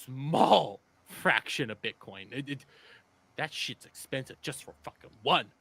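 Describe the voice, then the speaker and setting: A man's voice: medium pitch, animated, unhurried, gravelly, fairly bright tone. A man co-hosting a casual podcast, talking in a profane, emphatic way. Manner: profane, emphatic, mocks scam ads in a put-on voice. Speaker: podcast co-host.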